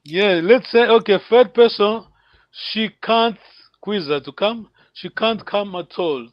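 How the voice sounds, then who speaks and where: A man teaching an online language lesson, patient and encouraging, repeating words slowly for his students. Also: high-pitched, no echo. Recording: dull lo-fi call audio.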